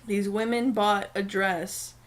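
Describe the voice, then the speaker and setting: A woman's voice: mid-range voice, fairly even intonation, takes it slowly. A woman co-hosting a podcast in casual chat, teasing and amused. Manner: teasing and amused, laughs often. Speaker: podcast co-host.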